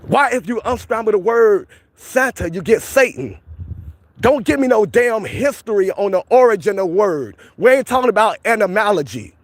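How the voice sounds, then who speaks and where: Male streamer, high voice, pushy and repetitive, arguing with chat outdoors. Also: animated, moderate pace, no room sound. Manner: insistent, repeats points, argues with viewers. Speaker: livestream host. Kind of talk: street livestream arguing with chat. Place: outdoors by a police station.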